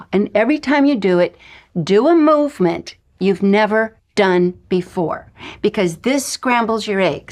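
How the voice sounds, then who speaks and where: Emphatic woman coaching a spiritual lesson. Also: mid-range voice. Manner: emphatic and coaching, with breathy whispered asides. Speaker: spiritual teacher. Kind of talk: recorded lesson.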